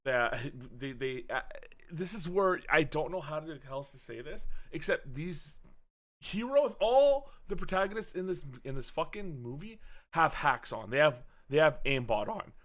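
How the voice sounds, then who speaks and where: A young adult man hosting a podcast, retelling a movie plot in a casual, profane, jokey way with lots of restarts. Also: on the high side. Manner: animated, profane, jokey storytelling with frequent restarts. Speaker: podcast host recapping a movie. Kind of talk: casual chat.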